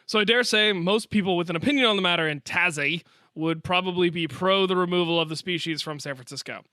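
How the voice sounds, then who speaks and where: A man's voice: sits high, fast, pushed and bright, dry recording, clean studio sound. A man co-hosting a science podcast, reading a listener email aloud in a chatty, joking way. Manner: chatty, jokey, playful asides. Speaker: podcast co-host.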